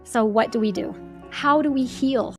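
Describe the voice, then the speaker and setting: A woman hosting a podcast, delivering a calm, earnest scripted monologue in a measured way. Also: a little high, soft background music. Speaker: podcast host.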